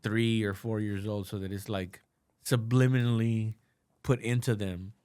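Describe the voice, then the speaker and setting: A man co-hosting a podcast, arguing in casual chat, jumping between loud outbursts and low mumbles. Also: fairly even intonation, a little slow, smooth. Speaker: podcast co-host.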